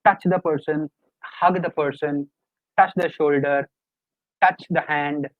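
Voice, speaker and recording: A man's voice: a little high, fairly even intonation, slow pace, no room sound. A middle-aged man, a life coach giving a live webinar lecture in an earnest, coaxing, repetitive way. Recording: dry, tinny phone-like online call audio.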